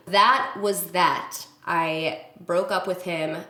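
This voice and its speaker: A young adult woman vlogger telling a story to camera in a casual, animated and exasperated way. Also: fairly low pitch, extremely slow, hardly any pauses, echoey room. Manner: animated, exasperated retelling with acted quotes.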